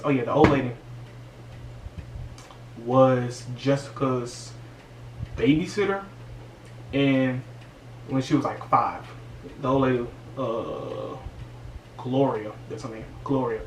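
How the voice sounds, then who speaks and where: A man's voice: mid-range voice, lively intonation, takes it slowly, pauses often, slight background noise. A man recapping a horror movie in a casual, slangy, exasperated way. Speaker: movie reviewer. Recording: roomy, distant mic, faint ambience.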